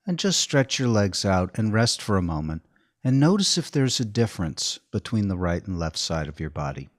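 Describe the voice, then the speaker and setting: A man giving a slow, calm, step-by-step guided body-awareness lesson as movement instructor. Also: lowish voice, no room sound, studio quality.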